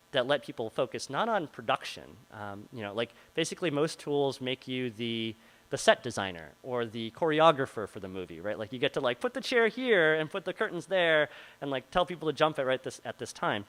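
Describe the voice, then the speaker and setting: The voice belongs to a man of mid-range pitch who is expressive and brisk, though the recording quality is low. He's a product manager at a meetup Q&A in a meeting room, responding to a live audience casually with heavy use of fillers like "like" and "um."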